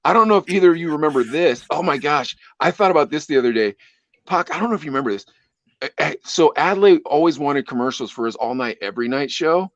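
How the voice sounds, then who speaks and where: A man co-hosting a podcast who tells animated stories and laughs through them. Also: a little high, fast, no echo, highs cut off. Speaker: podcast co-host, former radio DJ. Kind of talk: casual chat, storytelling.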